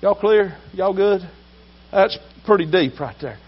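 A man preaching a sermon with emphasis, swinging between loud drawn-out shouts and low asides. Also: animated, dull audio.

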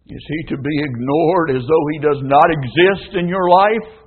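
A man's voice: a little high, normal speed, husky. A man preaching a sermon with impassioned, emphatic pleading that rises and falls. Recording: tinny phone-like sound.

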